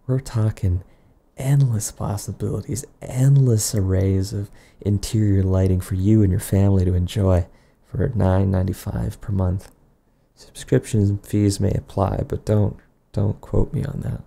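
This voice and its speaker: A man delivering an improvised, absurd comedy monologue in a rambling, deadpan way, often trailing off and restarting. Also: fairly low pitch, measured pace, gravelly, breathy edge.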